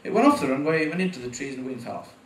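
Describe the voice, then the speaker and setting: A nervous man in his forties does his first stand-up set in a high, bouncy voice that keeps swinging up and down. He rambles, swears and chuckles at his own jokes. He is picked up from a distance in an echoey room with a faint background hum. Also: animated, very fast. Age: 40s. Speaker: first-time stand-up comic. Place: small venue with live audience.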